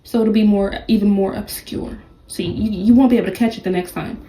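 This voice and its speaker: A woman's voice: mid-range voice, fairly even intonation, fairly quick, dark tone, slight background noise, rough recording. A woman giving a casual tarot reading, blunt and profane, with sassy, mocking asides. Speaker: tarot reader.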